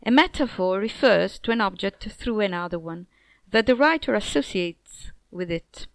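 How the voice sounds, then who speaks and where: A woman with a smooth, clear voice at a middle pitch reads a scripted lesson on poetry. Her delivery is measured, and each line drops away at the end. The sound is close and dry, with no room around it. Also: animated, dry recording. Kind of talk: scripted educational narration.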